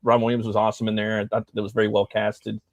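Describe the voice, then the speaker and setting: A man's voice: on the low side, completely flat delivery, racing, vocal fry, a little mellow, no room sound. A man who is a guest comic artist, chatting in a laid-back way with many "you know" fillers. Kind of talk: casual chat.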